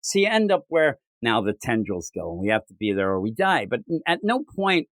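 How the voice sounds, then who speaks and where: A man's voice: mid-range voice, brisk, no echo. A man co-hosting a comic book podcast, recapping issues in casual chat and acting out the dialogue. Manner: animated, acts out dialogue in voices.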